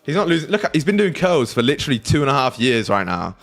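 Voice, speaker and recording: A man's voice: medium pitch, big pitch swings, fast talker, a bit bright, faint music behind. Casual British man streaming trades. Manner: banters with chat, swears freely, laughs often. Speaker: livestream trading host. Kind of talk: casual livestream chat with viewers.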